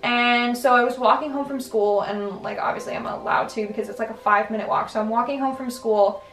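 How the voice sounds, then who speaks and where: Speaking a little fast, this young adult woman, a vlogger, chats through personal stories in a loose, rambling style packed with fillers, "like," and restarts. Her voice is slightly high, steady in tone, and a bit bright. She's picked up by a distant mic in a roomy space, with faint music behind her.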